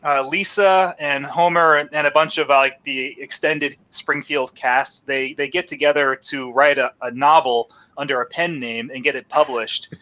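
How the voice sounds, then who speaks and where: A male podcast host in loose, rambling conversation, laughing and cursing as he goes. His voice is bright and forceful and sits a little high. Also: fairly even intonation, normal speed, hardly any pauses, poor audio. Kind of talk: casual chat.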